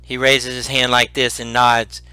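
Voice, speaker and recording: A man narrating a tabletop role-playing game as game master, animated and full of restarts. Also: medium pitch, a little slow, clear, resonant tone, dry recording, poor audio. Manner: animated, repeats words and restarts.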